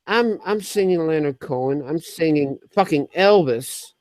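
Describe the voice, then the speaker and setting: A man's voice: on the high side, expressive, a little slow, a little mellow, no echo. A man singing on a livestream who chats casually, swears a lot and stumbles over repeated words. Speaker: livestream singer. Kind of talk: casual chat.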